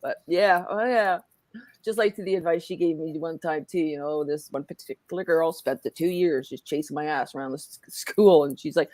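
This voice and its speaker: A woman's voice: low voice, moderate pace, no room sound. A middle-aged woman with a Southern accent, laughing often as she tells stories in a casual chat. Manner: loud laughing, animated storytelling.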